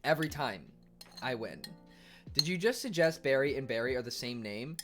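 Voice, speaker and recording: A man streaming live and chatting casually with his viewers, sarcastic and swearing, bursting into loud exasperation. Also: medium pitch, lively intonation, moderate pace, over music. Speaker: Twitch streamer reading chat. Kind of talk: casual livestream chat with viewers.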